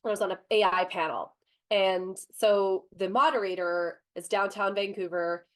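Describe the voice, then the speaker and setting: Woman in her thirties, panel speaker, calm, earnest, mid-pitched. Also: moderate pace. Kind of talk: panel discussion.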